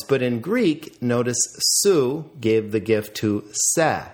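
Male teacher for a recorded lesson, unhurried, repeats forms deliberately, mid-pitched voice. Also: animated. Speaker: language teacher.

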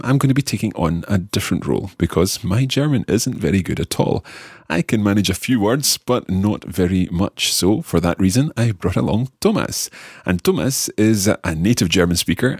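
Deep husky-voiced man hosting a lesson. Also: no echo, clean studio sound. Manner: slow careful repeating of phrases. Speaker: podcast language course host. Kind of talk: friendly scripted lesson banter.

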